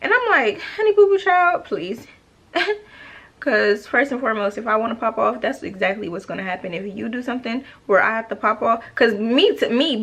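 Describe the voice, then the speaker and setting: A woman's voice: medium pitch, fairly bright tone, slightly rough. A young woman vlogger rambling through a makeup tutorial and a casual personal story, correcting herself often, sassy and talkative. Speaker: beauty vlogger.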